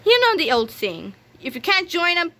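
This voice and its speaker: A woman's voice: very high-pitched, big pitch swings, moderate pace, bright, forceful tone, pitched above the performer's own voice, heavily acted. A woman voicing an eager, mischievous young schoolboy in a read-aloud storybook. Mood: excited.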